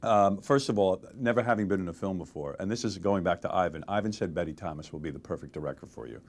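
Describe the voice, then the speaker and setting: A man in his forties in a candid interview, telling lively stories and acting out the exchanges he quotes. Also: low voice, fast talker. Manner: animated storytelling, acts out quoted exchanges. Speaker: interview guest, radio host.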